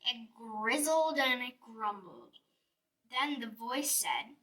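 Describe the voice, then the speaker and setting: A woman reading a rhyming children's storybook aloud in a slow, expressive, sing-song way. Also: on the high side. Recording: voice a bit distant, faint music behind.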